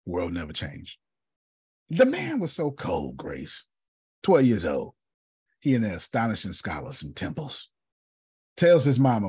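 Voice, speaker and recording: A man's voice: on the low side, huge pitch swings, a little slow, long pauses, a little mellow, husky, no room sound, clean studio sound. A man telling a story in a preaching style, dramatic, repeating a refrain and calling on listeners by name. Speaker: speaker.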